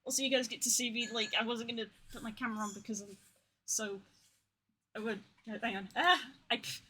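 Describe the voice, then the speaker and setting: A woman streaming from home, chatting casually and getting excitable and gushing, with squeals and swearing. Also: fairly high pitch, brisk, a little hiss or hum. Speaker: art streamer. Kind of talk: casual live-stream chat.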